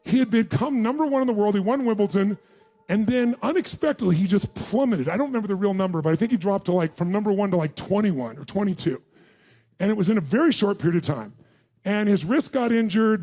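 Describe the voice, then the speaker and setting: A man's voice: high voice, expressive, fast, warm tone. A middle-aged man on stage, telling a story to a live audience as a motivational speaker and quizzing the crowd. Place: large event room.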